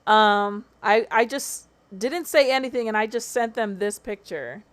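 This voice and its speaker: A woman's voice: medium pitch, a little slow. Chatty, slangy woman streamer. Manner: chatty, slangy, swearing, laughs often. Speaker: livestream host. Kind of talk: casual livestream chat.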